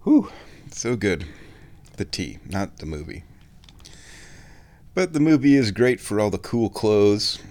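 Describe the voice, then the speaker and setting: A drowsy man rambling casually to his viewers at home, chuckling often, his sinuses a bit stuffed. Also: fairly low pitch. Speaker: vlogger. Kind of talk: rambling casual chat to camera.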